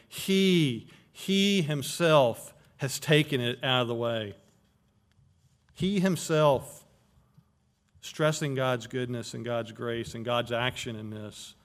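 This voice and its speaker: A man preaching an expository sermon, explaining Greek words of a Bible verse and stressing key phrases. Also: mid-range voice. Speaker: pastor.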